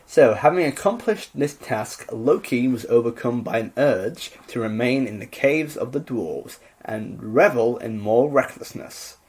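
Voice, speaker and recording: Animated man telling myths. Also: medium pitch, unhurried, few pauses, husky. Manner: animated, joking, mock voices. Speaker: podcast co-host. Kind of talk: casual chat and reading myths.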